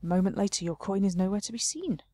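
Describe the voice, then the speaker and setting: A woman's voice: medium pitch, expressive, fast, warm tone, no echo. A woman playing a game, chatting casually and reading the game text aloud, often laughing at herself. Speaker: let's play host.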